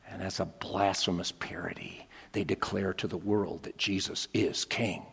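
A man preaching a dramatic sermon, swinging from hushed whispers to shouted climaxes. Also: low voice, fairly even intonation, moderate pace, vocal fry, hardly any pauses, breathy edge. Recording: long reverb of a large hall.

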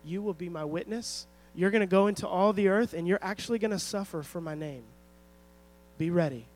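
A man voicing a gentle spiritual master who speaks softly and earnestly. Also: fairly quick, natural voice. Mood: tender. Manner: soft, low, earnest.

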